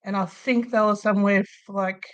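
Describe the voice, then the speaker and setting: A woman's voice: mid-range voice, fairly even intonation, fairly quick. An Australian woman hosting a crochet livestream from a room at home, chatting casually and rambling, with frequent laughs. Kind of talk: casual chat while crocheting.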